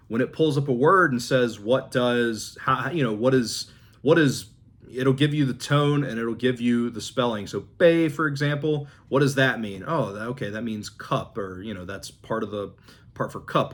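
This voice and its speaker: A man in a casual vlog, relaxed and rambling, thinking aloud with fillers and restarts while he shows his flashcards. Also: medium pitch. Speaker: language-learning vlogger. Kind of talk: casual demonstration talk.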